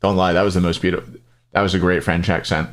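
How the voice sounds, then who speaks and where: A man's voice: low voice, little pitch movement, quick pace. A man hosting an esports tournament live stream, chatting casually, thinking aloud and answering chat.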